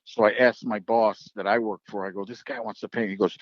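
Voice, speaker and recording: In a casual podcast chat, a drag racing track announcer tells stories and acts out the voices of people he quotes. He talks fast in a fairly low, fairly even voice, and the recording is dry and dull.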